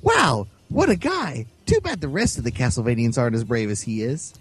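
A man voicing an excitable, wisecracking boy sidekick in a high, squeaky voice, reading a storybook aloud. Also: fairly quick, slightly rough. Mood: wry. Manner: squeaky, jumpy, high-pitched outbursts.

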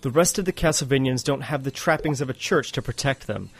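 A man voicing an earnest, heroic hunter with a steady, slightly formal delivery while reading a storybook aloud. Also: medium pitch, a little fast, creaky, slightly rough, no room sound, soft background music.

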